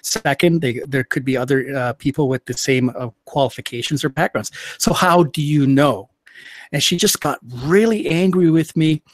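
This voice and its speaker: A man on a livestream show casually recounting a personal story in a measured, halting way with frequent restarts. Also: a little high. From Canada. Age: under 60.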